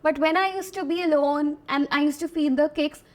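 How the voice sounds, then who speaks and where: A young woman guest in an interview, telling a personal story in a thoughtful, pausing way. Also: high-pitched, fairly even intonation. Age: young adult.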